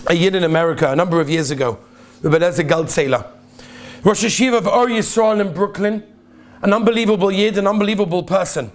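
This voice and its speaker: Earnest rabbi telling a story, higher voice. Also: male voice, fast. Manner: earnest, emphatic, repeats key phrases. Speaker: rabbi giving a talk. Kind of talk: sermon with storytelling.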